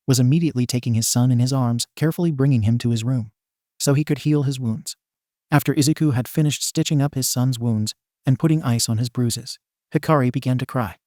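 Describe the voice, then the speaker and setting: Steady, dry-voiced male story narrator. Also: medium pitch, no echo. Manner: steady, even reading pace.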